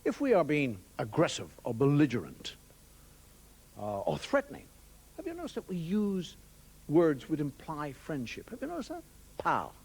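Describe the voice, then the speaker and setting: A man telling stand-up comedy, wry storytelling that slips into quick put-on voices for the people he quotes. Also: on the high side, huge pitch swings, vocal fry, darkish tone, slightly rough. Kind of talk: stand-up monologue. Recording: TV studio with audience laughter and noise. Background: audience laughing.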